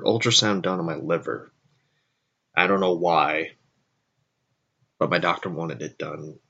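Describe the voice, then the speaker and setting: Slow, low-voiced rambling man. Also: gravelly, fairly bright tone, husky, highs cut off. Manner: rambling, self-correcting, frequent asides. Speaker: show host. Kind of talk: casual rambling storytelling.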